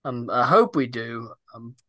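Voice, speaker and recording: A young man with a drawl talks in a blunt, cussing, animated way. His voice sits in a middling register and comes through close and dry, with no room around it. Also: mid-range voice, unhurried, dry recording. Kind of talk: casual chat.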